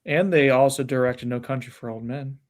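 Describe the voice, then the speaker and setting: A man hosting a casual sports podcast roundtable, joking and quick to riff on tangents. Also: medium pitch. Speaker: podcast host.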